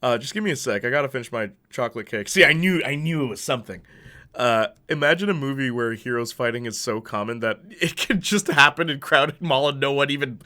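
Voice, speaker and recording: A man's voice: medium pitch, expressive, quick pace, pushed and bright. A man streaming a video game with casual commentary, chatty and laughing often as he reads viewer chat aloud. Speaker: gaming streamer.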